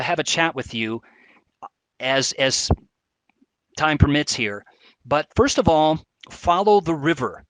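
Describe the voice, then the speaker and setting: A man's voice: on the high side, a bit bright, dry recording, poor audio. A man presenting a live educational webcast in a chatty, enthusiastic way, with frequent fillers.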